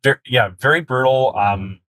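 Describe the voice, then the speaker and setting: Male podcast co-host, relaxed film chat, filler-heavy delivery, dry close recording. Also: medium pitch, moderate pace, no room sound. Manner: loose, filler-heavy, frequent laughs. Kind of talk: casual film review chat.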